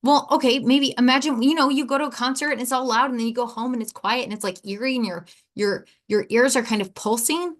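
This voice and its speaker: A woman's voice: fairly high pitch, fairly even intonation. A woman hosts her own podcast and tells a personal story in a loose, candid way. She rambles a little, steps aside mid-thought, and acts out what she and others said. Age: adult, four and a half years sober. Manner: candid, rambling, with quick asides and acted-out quotes. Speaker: podcast host.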